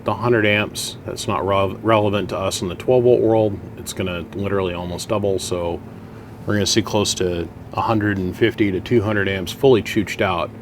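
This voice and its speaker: A man's voice: on the low side, fairly even intonation, moderate pace, slight background noise. A man in his home workshop, talking through radio gear in a folksy, chatty way and thinking aloud as he explains. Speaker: radio equipment hobbyist. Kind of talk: casual workshop vlog.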